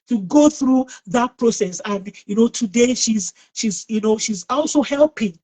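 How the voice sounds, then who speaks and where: A middle-aged woman hosts an online talk over a video call. She tells a personal story in a lively, outgoing way, often restarting her sentences. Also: fairly high pitch, measured pace, rough recording. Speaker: host.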